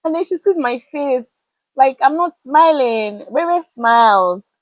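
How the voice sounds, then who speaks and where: A young woman with a Nigerian accent, telling a personal story to camera in a chatty, animated way with pidgin words mixed in. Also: high voice, slow pace, dry recording, poor audio. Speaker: vlogger.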